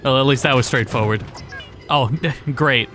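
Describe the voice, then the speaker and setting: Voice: mid-range voice, unhurried, a bit bright, faint music behind. A person casually chatting and joking while playing a video game, swearing freely and laughing often. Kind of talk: casual gaming chat.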